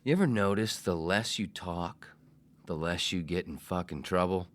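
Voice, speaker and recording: A man in his forties hosting a solo comedy podcast, brash and self-mocking, swearing freely and swinging between loud bursts and whispers. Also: low voice, normal speed. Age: 40s. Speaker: podcast host.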